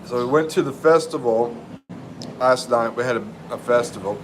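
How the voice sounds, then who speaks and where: A man's voice: medium pitch, normal speed, background noise. A middle-aged man from North Carolina, hosting a casual live stream and greeting viewers by name in a laid-back, chatty way.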